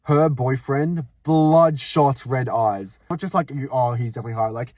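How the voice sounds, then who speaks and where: A man's voice: medium pitch, normal speed, darkish tone, no room sound. Joking young man in casual chat. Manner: joking, laughs often, chimes in with wisecracks. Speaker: co-host.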